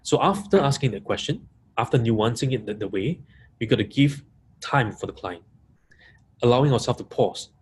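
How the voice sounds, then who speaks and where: Man, coaching trainer, webinar talk, emphatic stress, repeats himself, middle pitch. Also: lively intonation, normal speed, breathy edge. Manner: emphatic, repeats key points, stresses single words. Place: live audience room.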